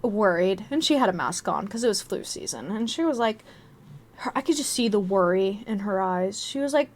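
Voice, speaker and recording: A woman's voice: mid-range voice, lively intonation, normal speed. A young woman host telling a story in a casual, profane and self-mocking way. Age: young adult. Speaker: vlog host.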